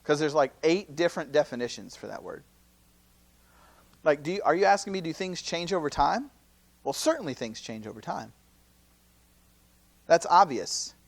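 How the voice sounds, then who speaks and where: A man in his late thirties, his voice sitting a little high, teaching a youth seminar in a loose, conversational way. He keeps asking rhetorical questions and checking in with "right?". Now and then he slips into quick acted-out quotes of other people. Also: vocal fry. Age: 30s. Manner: acts out quoted speakers in lively asides. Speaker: campus minister.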